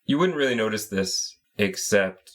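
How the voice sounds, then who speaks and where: A man's voice: lowish voice, animated, moderate pace, a bit bright. A man co-hosting a podcast, casually walking through a story game point by point and laughing along. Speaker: podcast co-host.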